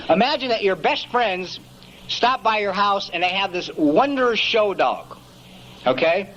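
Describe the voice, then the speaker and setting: A man's voice: sits high, expressive, moderate pace, fairly bright tone, dull audio, a little hiss or hum. A man giving a folksy, emphatic storytelling talk at a recovery meeting, peppering it with "man" and "you know".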